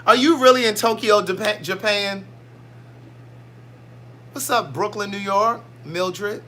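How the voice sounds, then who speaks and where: Chatty man with a bright high voice. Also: takes it slowly, slight background noise. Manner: chatty, reads out viewer comments, playful. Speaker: livestream host. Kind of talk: casual livestream chat.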